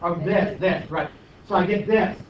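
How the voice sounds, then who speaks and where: A male math teacher giving his class an animated, teasing pep talk and review, recorded in a classroom. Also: high voice, measured pace, far from the mic, a little hiss or hum. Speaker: high school math teacher. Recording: echoey dull classroom recording from afar.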